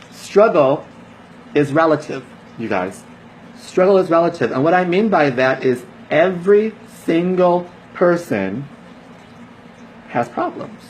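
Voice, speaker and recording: A man's voice: fairly high pitch, lively intonation, a little slow, a little hiss or hum, rough recording. A man, a network marketer, giving a casual motivational talk to his team, emphatic and preachy, repeating phrases for stress.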